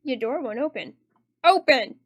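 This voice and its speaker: Young woman streamer, high voice, chatty, rambly, full of fillers. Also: lively intonation, moderate pace. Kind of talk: casual game commentary.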